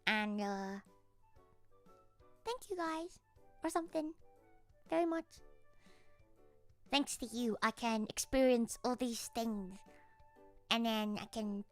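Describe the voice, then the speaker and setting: A woman's voice: on the high side, slow pace, long pauses, faint music behind. A young woman who is a virtual idol, chatting casually with viewers on a livestream in a playful, teasing, mock-grumpy way and dropping in Japanese phrases.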